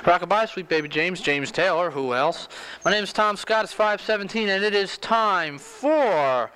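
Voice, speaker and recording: Male radio DJ, high smooth voice, loose joke-telling patter. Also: fairly quick, a bit bright, low-quality recording.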